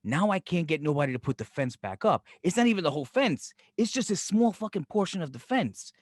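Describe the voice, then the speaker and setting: A higher-pitched man with a New York accent tells profane stories on a podcast, acting out every quote and laughing as he goes. The sound is dry and close, with no room echo. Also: brisk. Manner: animated storyteller, acts out quotes, profane, laughs often. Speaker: podcast co-host. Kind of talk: casual podcast banter.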